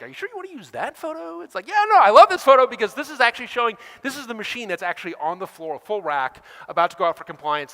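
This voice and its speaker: A middle-aged man giving a technical conference talk, fast and emphatic, acting out the voices he quotes. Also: high voice, pushed and bright. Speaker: conference speaker. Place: large conference hall. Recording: reverberant hall.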